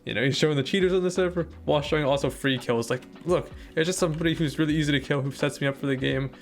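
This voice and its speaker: A young man talking quickly over his gaming footage, his voice gravelly with fry. He rambles loosely, filler after filler, with faint background music under him. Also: a little high. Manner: rambling, filler-heavy, excitable during fights. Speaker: gaming YouTuber. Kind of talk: casual gameplay commentary.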